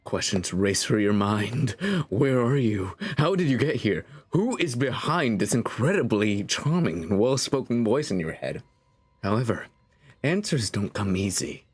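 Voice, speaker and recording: A man's voice: lowish voice, breathy edge, voice pushed down, heavily acted. A man voicing a sly, all-knowing male game narrator, reading the story aloud in a teasing, ominous tone.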